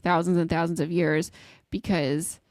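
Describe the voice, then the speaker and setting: A woman's voice: lowish voice, moderate pace, dry recording. A woman podcast co-host in casual chat, recapping a novel's chapter with frequent laughs and acted-out quotes. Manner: animated storyteller, laughs often, acts out quotes.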